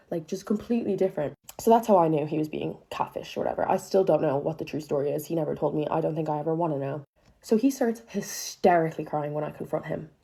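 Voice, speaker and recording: Brash young woman telling a cheating story. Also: low voice. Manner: expressive, profanity-heavy, dramatic retelling with bursts of emphasis. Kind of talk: storytime monologue.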